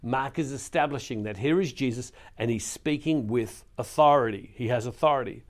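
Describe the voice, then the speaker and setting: A man's voice: mid-range voice, moderate pace. A man preaching as a Catholic minister, teaching on scripture in an earnest way, with restarts, and reading passages aloud with more force.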